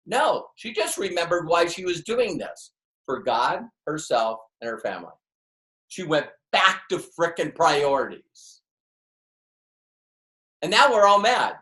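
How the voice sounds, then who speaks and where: Fairly high-pitched and very animated, a man delivers a network marketing training to a live crowd at a measured pace, leaving long pauses. His bright, forceful tone carries emphatic rhetorical questions and acted-out quotes, with a roomy echo.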